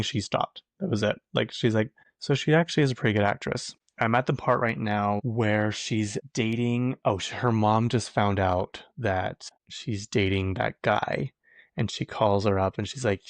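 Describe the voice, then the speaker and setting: A man with a somewhat low voice chats through a solo podcast in a loose, gossipy way. He laughs easily and often trails off mid-thought. The sound is dry and close, with no room echo. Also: fairly even intonation, moderate pace. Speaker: podcast host. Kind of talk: casual solo podcast chat.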